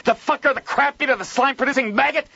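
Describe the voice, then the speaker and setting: A man voicing a hot-tempered male storesman who shouts curses in a rapid, slurred voice. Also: mid-range voice, big pitch swings, no room sound, muffled recording, voice pushed up. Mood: furious.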